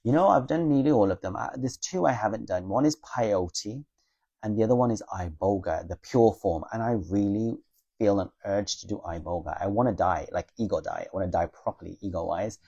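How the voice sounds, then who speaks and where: Male spiritual teacher in a live Q&A. Low, gravelly, mellow voice, blunt and teasing in delivery. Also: fairly quick, dull audio. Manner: blunt, matter-of-fact, teasing. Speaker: spiritual teacher answering viewer questions. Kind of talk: live Q&A chat.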